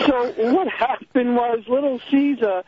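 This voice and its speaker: A man's voice: extremely high pitch, unhurried, highs cut off, slight background noise. A male caller telling a story in a casual, hesitant way, with many fillers and restarts.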